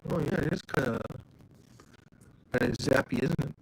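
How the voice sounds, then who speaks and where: A man's voice: on the high side, moderate pace, gravelly, background noise. A man hosting a casual livestream, chatting loosely and greeting viewers by name. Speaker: livestream host.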